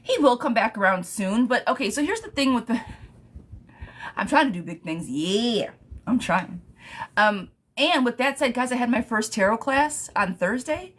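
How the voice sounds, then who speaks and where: A woman's voice: a little high, animated, moderate pace, a bit bright. A young adult woman giving a casual live tarot reading, chatty, laughing often and swearing lightly. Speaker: tarot reader. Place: home, streaming live.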